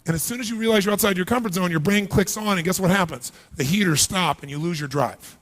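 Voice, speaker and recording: A man's voice: high-pitched, fast talker, fairly bright tone. A man giving a motivational seminar speech to a large live audience, firing rhetorical questions at them and acting out their inner voices. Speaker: motivational speaker.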